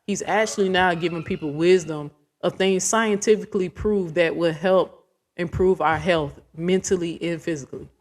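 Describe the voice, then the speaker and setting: A woman's voice: fairly low pitch, fairly even intonation, normal speed. Woman vlogger, casual rant, blunt and rambling with swearing. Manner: blunt, profane, rambling and emphatic.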